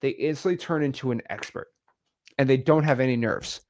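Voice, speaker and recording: A man coaching on real estate wholesaling, energetic and repetitive, acting out example calls. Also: mid-range voice, a little fast. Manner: energetic, repeats words, acts out examples. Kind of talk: teaching talk on video.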